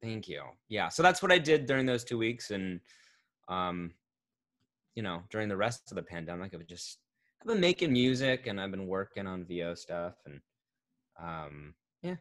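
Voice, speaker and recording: A man in his thirties talking casually as an interview guest, rambling and correcting himself, getting animated when he tells a story. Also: low voice, normal speed. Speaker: voice actor guest. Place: home recording setup, remote interview.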